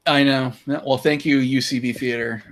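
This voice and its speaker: A man's voice: medium pitch, steady tone, a bit bright. A male comedian guest on a podcast, bantering with playful mock bragging. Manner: playful, mock-boastful, quick. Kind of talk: casual comedy chat.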